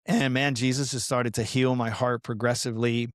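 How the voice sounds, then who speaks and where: A man's voice: mid-range voice, moderate pace, dry recording, studio quality. Earnest middle-aged man telling a story. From Colombia. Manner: earnest, animated storytelling with frequent "man" and "you know". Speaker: podcast guest, pastoral counselor and fitness coach. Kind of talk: casual storytelling interview.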